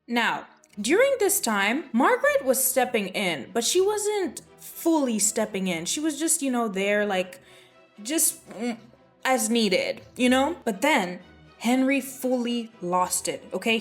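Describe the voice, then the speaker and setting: A woman's voice: on the high side, expressive, measured pace, faint music behind. A woman host telling history in a casual, gossipy way, full of sassy, playful asides. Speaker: history vlogger. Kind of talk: casual chatty storytelling.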